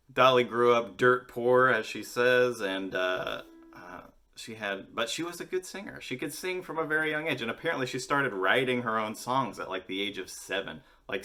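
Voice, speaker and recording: Excitable, swearing male vlogger. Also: on the low side. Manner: excitable, swears constantly, jokey rants. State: voice worn from singing. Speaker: host of a daily music video series. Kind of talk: casual, profane vlog chat.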